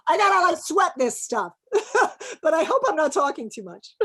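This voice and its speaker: A middle-aged woman speaking as an interview guest, giving business advice in an emphatic, animated way, laughing often and acting out quoted dialogue. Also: extremely high pitch, measured pace. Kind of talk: candid conversational interview.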